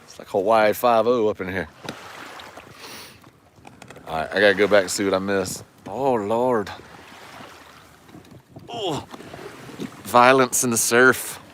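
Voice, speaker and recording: Guy in his 40s, low-ish voice, goofing around with chat while fishing, phone on the bank, quiet water noise. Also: unhurried, long pauses. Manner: folksy, joking, chatty with viewers. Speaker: fishing livestreamer. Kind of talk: casual livestream chat. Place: outdoors on a lake shore. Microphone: phone camera.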